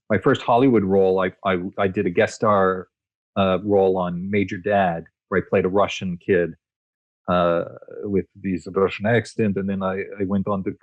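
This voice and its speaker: A guest who works as a voice actor and screenwriter tells stories in a casual interview, dry and relaxed, with lots of fillers and restarts. His voice is low, the recording has no room sound, and the highs are cut off.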